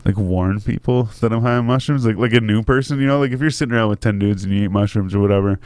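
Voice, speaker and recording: A man hosting a podcast, telling a wild story in a casual, animated way with lots of swearing and laughter. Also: fairly low pitch, fast, dry recording. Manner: animated, laughing, swears a lot, acts out voices. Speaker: podcast host.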